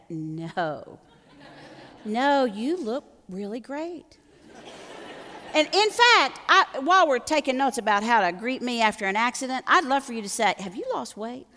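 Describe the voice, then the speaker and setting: A woman's voice: fairly high pitch, bright, forceful tone, big-room sound. A woman teaching a live workshop in a folksy, teasing, joking way.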